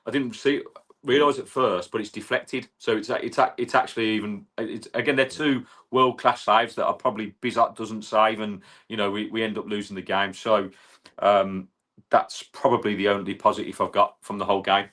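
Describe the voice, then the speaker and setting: An English man with a fairly low voice co-hosting a football fan show. He talks in a matey, enthusiastic way. His delivery is casual chat between friends. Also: fairly even intonation, moderate pace, fairly bright tone. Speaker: co-host of a football fan channel.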